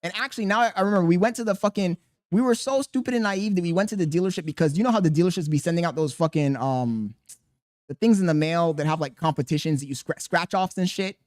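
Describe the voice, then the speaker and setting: A young man hosting a podcast, telling a profane story in a casual, animated way. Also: high-pitched, fast, dry recording, studio quality. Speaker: podcast host.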